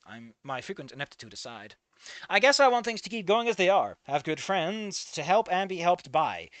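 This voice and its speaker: A man's voice: high-pitched, very animated, normal speed, fairly bright tone, no echo. A man reading a first-person fan story aloud in a casual, wry, sometimes profane way, close to the mic. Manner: casual, wry narration with swearing. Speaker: story reader.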